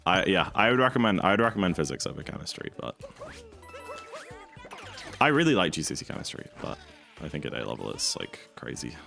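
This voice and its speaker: Young British male streamer: deep, gravelly, chatty, lively swings in pitch, sudden outbursts. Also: fairly quick, long pauses, faint music behind. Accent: British English. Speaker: speedrun streamer. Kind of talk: casual livestream chat.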